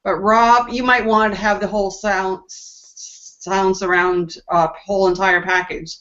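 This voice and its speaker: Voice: mid-range voice, flat delivery, unhurried, pushed and bright. A woman on a panel, casually explaining her point with lots of examples. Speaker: discussion panelist. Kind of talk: casual group discussion. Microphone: video call. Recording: dull lo-fi video call audio.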